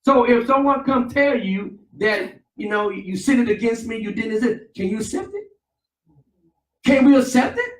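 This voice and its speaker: High preacher man, call and response sermon, loud then soft, far off mic in a roomy church. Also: animated, normal speed. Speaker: pastor. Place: church sanctuary. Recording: echoey church, mic at a distance.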